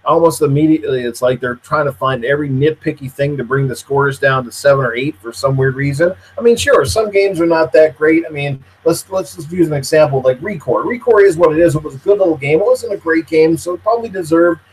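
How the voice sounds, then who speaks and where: A man's voice: a little high, fairly quick, hardly any pauses, slightly rough, poor audio. A man in casual podcast chat, steadily explaining his view with examples. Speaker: podcast guest.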